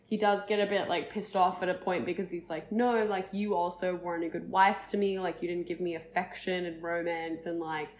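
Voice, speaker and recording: A woman's voice: fairly low pitch, fairly even intonation, brisk, few pauses, a little hiss or hum. A woman co-hosting a casual podcast, recapping reality TV with lots of "like" fillers. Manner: chatty, fillers of "like", breaks into laughter and mock singing. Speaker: podcast co-host.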